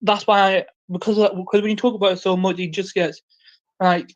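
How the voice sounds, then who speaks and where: A man with a light, high voice, chatting eagerly on an online panel and asking for advice. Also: a little fast, a little hiss or hum. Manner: excitable, keeps asking for advice. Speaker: panel participant. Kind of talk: casual online chat. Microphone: online voice chat. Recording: dry, slightly dull online audio.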